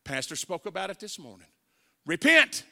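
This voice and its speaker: Gravelly Southern evangelist in a big hall. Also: male voice, a little high, animated, normal speed, pushed and bright. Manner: dramatic storytelling, acting out quoted voices. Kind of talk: testimony sermon. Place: church sanctuary. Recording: reverberant church hall.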